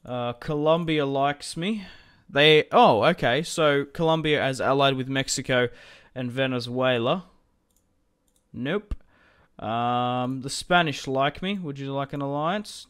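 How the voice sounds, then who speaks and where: Smooth-voiced young man narrating a strategy game. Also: medium pitch, unhurried, a bit bright. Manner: chatty, rambling, laughs often. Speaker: gaming commentator. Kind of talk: casual strategy game commentary.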